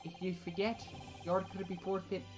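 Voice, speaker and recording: A woman voicing a scheming older male villain while reading game dialogue aloud, threatening and deliberate. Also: fairly low pitch, flat delivery, over music, lightly acted. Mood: menacing.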